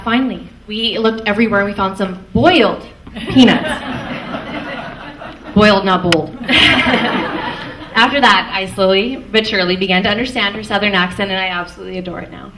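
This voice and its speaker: A woman's voice: mid-range voice, fairly even intonation, moderate pace, fairly bright tone. A young woman from Canada, the maid of honor, giving a fond, light wedding toast and chuckling between lines. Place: wedding reception hall. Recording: echoey hall from far off, faint noise.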